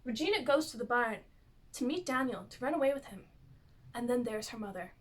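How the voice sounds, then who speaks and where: A woman with a high voice talks through a story in a loose, chatty recap. She keeps reaching for fillers and restarts as she goes. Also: expressive, a little fast. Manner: chatty, uses lots of fillers. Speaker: youtuber. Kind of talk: casual plot recap.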